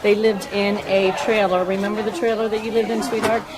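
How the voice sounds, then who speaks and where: An earnest woman volunteer speaks at an outdoor event, her words halting and full of feeling. She talks at a middle pitch, and a crowd chatters clearly behind her. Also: little pitch movement, noisy background. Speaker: volunteer fundraiser. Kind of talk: heartfelt speech at a public event.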